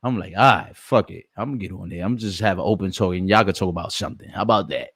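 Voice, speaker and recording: A man's voice: low-pitched, fast talker, fairly bright tone, slightly rough, no echo, studio quality. Brash, profane man hosting a live stream. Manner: brash, profane, joking, talks to chat. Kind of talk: casual live stream chat.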